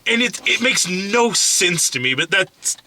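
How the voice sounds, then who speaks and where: A man's voice: high-pitched, lively intonation, a little slow, gravelly, bright, forceful tone, a little hiss or hum. A man co-hosting a movie review, chatting casually, rambling and swearing, with mocking whispered impressions. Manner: profane, rambling, mocks actors with whispered impressions. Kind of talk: casual chat.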